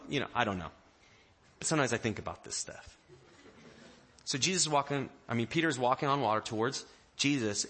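A man preaching a sermon with a bright, ringing voice. He tells the story like a lively storyteller, jumping into the voices of the people in it. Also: medium pitch. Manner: animated storyteller, acting out quotes in varied voices. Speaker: pastor.

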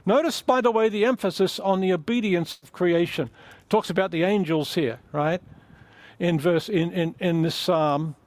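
Earnest preacher with a higher voice. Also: male voice, normal speed, darkish tone, dry recording. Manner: earnest, emphatic teaching with frequent restarts. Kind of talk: sermon with closing prayer.

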